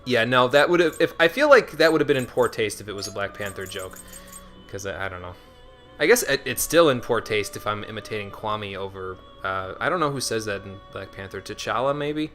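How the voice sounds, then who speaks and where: A man gives casual commentary while streaming a game, answering chat and laughing at himself. His voice is bright and his pitch moves a lot. Faint game music runs underneath. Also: animated, a little fast. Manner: chatty, answers chat, self-deprecating with restarts.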